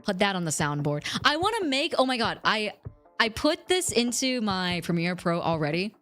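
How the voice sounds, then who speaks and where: A young adult woman streamer chatting casually with viewers, jumping between squeaky highs and mock-deep lows. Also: very animated, moderate pace, fairly bright tone, faint music behind.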